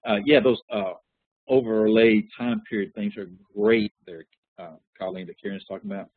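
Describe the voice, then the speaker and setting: A man leading a Bible study class, teaching in a relaxed, conversational way with many fillers and questions to the group. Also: fairly low pitch, normal speed, dry recording, phone-quality sound. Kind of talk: interactive Bible lesson.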